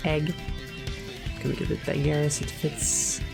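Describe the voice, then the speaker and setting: A woman with a low voice chats casually on a live stream, rambling and giggling as she goes, with plenty of ums and uhs. Music plays clearly behind her. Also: flat delivery, a little slow. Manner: rambling and giggly, many fillers. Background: background music.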